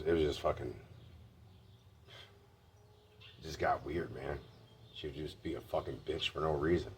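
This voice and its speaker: A man's voice: very deep voice, a little hiss or hum. A man telling candid personal stories in a blunt, heavily profane way. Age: adult. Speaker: vlogger.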